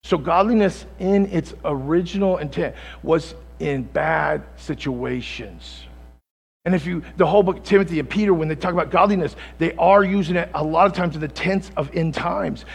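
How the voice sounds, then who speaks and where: Gravelly high-voiced preacher man in a hall. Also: moderate pace. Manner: builds from low and quiet to loud near-shouting storytelling. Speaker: pastor. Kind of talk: sermon. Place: church sanctuary. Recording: long reverb from a large hall.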